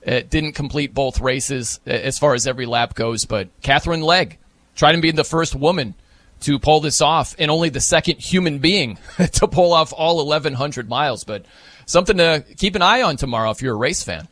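A man hosting casual sports talk, animated, often laughing and jumping higher for emphasis. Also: moderate pace, no echo.

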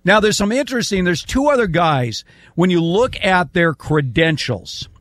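A man's voice: high voice, expressive, normal speed, a bit bright, no echo, studio quality. An older man hosting a casual sports debate, making emphatic points and reeling off statistics. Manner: emphatic, lists stats at length. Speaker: sports talk host.

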